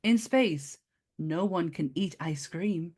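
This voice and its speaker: A woman's voice: fairly low pitch, animated, slow pace, a little mellow. A woman hosting a podcast in casual chat, chatty and laughing often. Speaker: podcast host.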